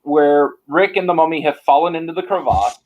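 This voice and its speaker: A man's voice: on the high side, fairly quick, lo-fi sound. A man moderating a panel on a video call, talking in a playful, casual way.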